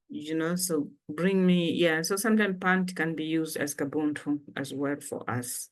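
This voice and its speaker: A woman's voice: low-pitched, moderate pace, hardly any pauses. A woman from Malawi teaching vocabulary in a casual lesson, patiently repeating each word for learners. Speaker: language teacher.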